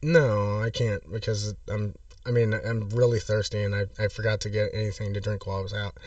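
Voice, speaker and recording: A man voicing an evasive, oddly formal hotel guest who calls himself a professional, prank-calling the front desk in a slow, halting voice. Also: lowish voice, flat delivery, darkish tone, no echo, far from the mic, lo-fi sound, close to an everyday voice. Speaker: prank caller.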